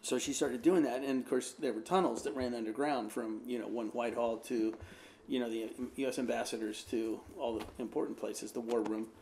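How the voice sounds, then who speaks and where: A man's voice: mid-range voice, steady tone, a little fast, gravelly, a little mellow, a little hiss or hum. A man, an American pastor, telling a rambling personal anecdote in a casual way, with lots of fillers. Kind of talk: casual storytelling.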